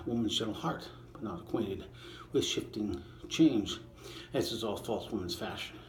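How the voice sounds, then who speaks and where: Low-voiced man reciting sonnets casually. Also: slight background noise. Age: older. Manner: recites verse, then chats in a low, offhand voice. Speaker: vlogger reciting sonnets while lifting. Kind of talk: casual recitation between lifts.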